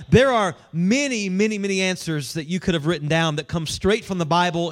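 A man with a notably high voice and a lilt delivers a sermon. He speaks in a relaxed, joking way and keeps drawing his listeners in. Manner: conversational, humorous, engages the congregation. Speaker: pastor.

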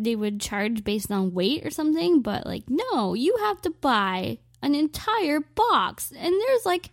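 A woman's voice: on the high side, dry recording, clean studio sound. A young woman telling a self-mocking comic story, rambling and dramatic, with lots of "like". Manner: dramatic, exaggerated delivery.

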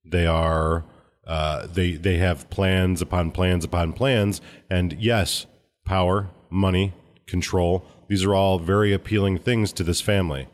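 A man with a notably low, deep voice co-hosts a casual podcast. He reads a listener's letter aloud in a measured way and then talks it over in an easy, relaxed manner. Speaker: podcast co-host.

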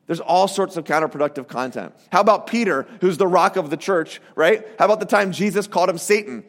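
Male pastor, high-pitched, lively sermon delivery, playful asides, long hall reverb. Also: a little fast, few pauses. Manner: animated, conversational, acts out quoted voices.

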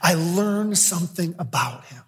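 Male pastor, sermon, emphatic then hushed, long church-hall reverb. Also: high voice, lively intonation, unhurried. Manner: swings from loud emphatic preaching to quiet intimate storytelling.

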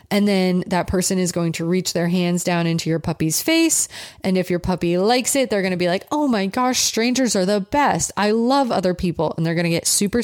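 A woman's voice: fairly low pitch, darkish tone, no room sound, studio quality. A woman dog trainer giving casual advice in a frank, direct, conversational way.

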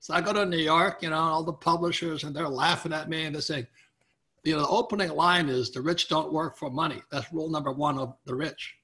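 A man being interviewed as a guest author, telling a story with lively quotes of the people in it. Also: fairly high pitch, fairly quick.

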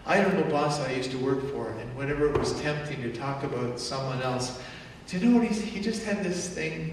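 A male pastor delivers his sermon in a casual, animated way, jumping into little acted outbursts. He is heard from a distance in a large church with a long reverb. A faint rumble runs under his voice. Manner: animated, acts out angry outbursts in quotes. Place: church sanctuary. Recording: echoey church hall from far off.

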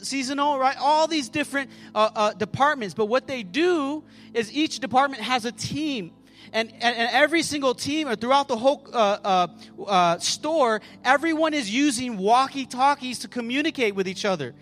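A man's voice: extremely high pitch, fairly bright tone. A man preaching a sermon as pastor, calling out to the congregation and often repeating words as he restarts a phrase. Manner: fervent, calls out to the congregation.

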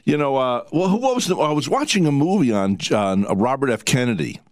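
An older man hosts a radio talk show with a chatty, folksy, rambling delivery. His voice sits at an ordinary middle pitch. It is recorded close and dry in the studio. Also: lively intonation, brisk, dry recording. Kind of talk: casual radio interview chat.

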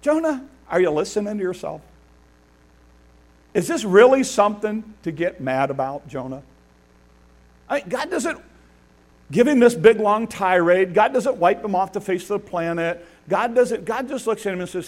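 Man, preaching, high-pitched, swooping lively intonation. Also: normal speed. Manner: animated, voices biblical figures, laughs at the text. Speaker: pastor. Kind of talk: sermon.

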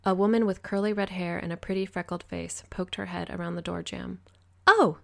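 A woman narrating an audiobook in the first person, with a low voice. Her reading is even and measured, with a gravelly fry running through it.

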